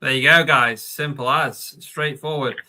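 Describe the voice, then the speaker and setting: Bright, chatty host. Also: male voice, medium pitch, fairly even intonation, unhurried. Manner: chatty, reads viewer questions. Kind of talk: live stream Q&A.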